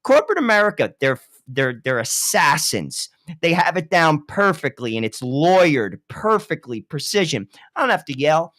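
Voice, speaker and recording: A man's voice: sing-song, normal speed, a bit bright. A man talking politics on a talk show, blunt and emphatic, pressing his points hard. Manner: blunt and emphatic, swinging in pitch.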